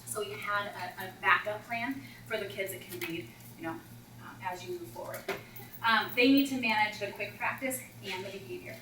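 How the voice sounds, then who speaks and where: A woman's voice: mid-range voice, moderate pace, background noise. Chatty woman coach in an echoey room. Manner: chatty and animated, acting out classroom scenes. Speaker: math instructional coach leading a teacher workshop. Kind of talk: presenting to teachers. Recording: roomy echo, far from the mic, faint ambience.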